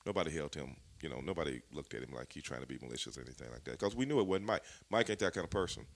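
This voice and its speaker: Animated, profane male wrestler storyteller. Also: a bass voice, very fast, vocal fry. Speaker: former pro wrestler, interview guest. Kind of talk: casual storytelling interview.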